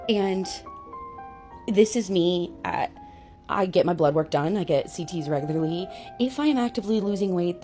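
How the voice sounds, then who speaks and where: Earnest woman vlogger with a somewhat low voice, talking over quiet background music. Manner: earnest, frank, laughs a little while talking. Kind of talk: casual vlog talk to camera.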